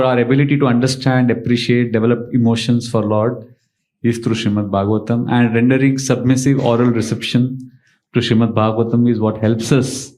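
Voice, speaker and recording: A man's voice: mid-range voice, darkish tone. A man, a spiritual teacher giving a devotional lecture and telling stories with emphatic rhetorical questions. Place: temple lecture hall.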